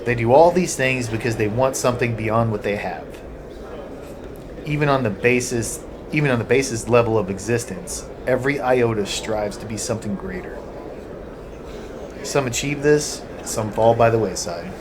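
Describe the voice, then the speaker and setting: A man reading the part of a weary, gruff male Godsman who lectures impatiently, over a noisy home recording. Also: medium pitch, normal speed, natural voice. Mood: weary lecturing. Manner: gruff, dismissive, speechifying.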